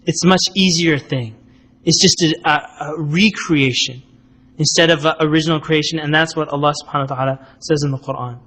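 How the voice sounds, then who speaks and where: A man's voice: on the high side, steady tone, brisk, a bit bright. A man giving a conversational religious lecture, explaining points and checking in with his listeners by asking "right?". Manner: explanatory, asks "right?" often, acts out quotes. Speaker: Islamic lecturer.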